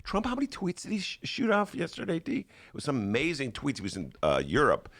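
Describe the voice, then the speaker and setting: A man hosting a podcast from a studio, riffing on politics with mocking sarcasm and loose, animated talk. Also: a little high, quick pace. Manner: animated, mocking, shifts into put-on voices. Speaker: podcast host. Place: radio studio.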